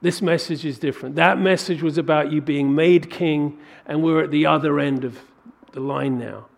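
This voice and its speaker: A man preaching a sermon, working through a scripture passage with animated rhetorical questions. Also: fairly high pitch, normal speed, vocal fry. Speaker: pastor.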